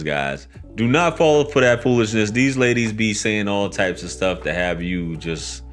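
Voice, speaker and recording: A low-pitched man in gives blunt reaction commentary, lecturing his male listeners in a preachy, casual way. Faint music runs under his voice. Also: a bit bright. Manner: blunt, preachy, addresses the men in his audience directly. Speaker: podcast host reacting to clips.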